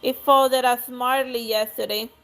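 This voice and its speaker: Woman voicing a haughty noblewoman, imperious, insulting, slightly high voice, faint music behind. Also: steady tone, measured pace, fairly bright tone. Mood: scornful. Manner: imperious, insulting, theatrical reading. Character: haughty, greedy noblewoman, grand and scornful. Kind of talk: reading game dialogue aloud.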